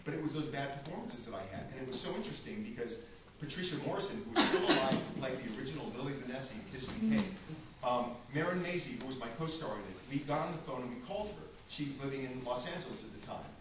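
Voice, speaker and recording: A male stage actor answering interview questions with animated storytelling, acting out quotes and often restarting his sentences. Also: medium pitch, quick pace. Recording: echoey room, distant mic, noisy.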